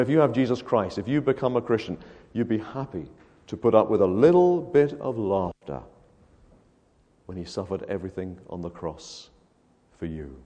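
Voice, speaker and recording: A man preaching an evangelistic sermon, firing rhetorical questions and swinging between hushed and loud delivery. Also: mid-range voice. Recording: echoey hall.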